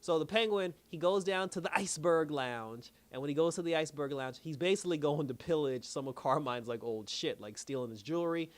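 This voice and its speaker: A man's voice: on the high side, fairly quick, few pauses. A man giving a casual, slangy recap of a TV episode, telling the story loosely with lots of fillers. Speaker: show reviewer.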